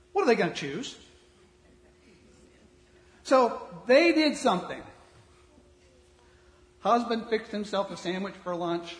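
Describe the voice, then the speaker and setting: Blunt preacher in an echoing hall. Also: male voice, sits high, animated, slow pace, long pauses. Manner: blunt, conversational preaching that swings from soft to loud. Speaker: pastor. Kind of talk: sermon. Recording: reverberant hall.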